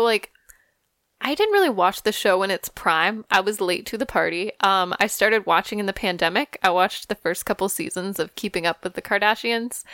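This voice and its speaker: Young woman co-host, casual rambling chatter, smooth clear tone, dry podcast mic. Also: medium pitch, fairly bright tone, dry recording. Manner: chatty, lots of "like" and "I don't know". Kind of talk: casual pop-culture chat.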